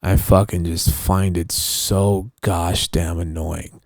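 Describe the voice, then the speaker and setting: A man's voice: sits low, level tone, takes it slowly, gravelly, a little mellow, no room sound, studio quality. A young man ranting on his solo podcast in a casual, profane, rambling way, often restarting his sentences. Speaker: podcast host.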